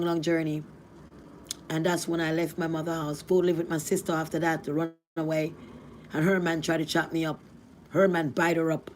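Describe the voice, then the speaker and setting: Jamaican woman telling her life story. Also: slight background noise. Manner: rambling, animated, rising to cries at high points. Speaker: vlogger. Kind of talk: emotional storytelling.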